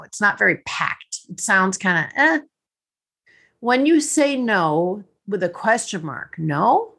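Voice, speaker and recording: A woman hosting a podcast as a life coach, talking in a lively, teasing and directive way. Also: mid-range voice.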